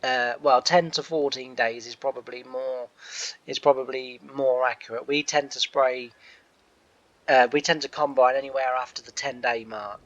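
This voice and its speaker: A man's voice: mid-range voice, steady tone, moderate pace, fairly bright tone, dry recording, muffled recording. A man hosting a farming simulator let's play, talking casually in character as a farm manager, rambling with many fillers and restarts.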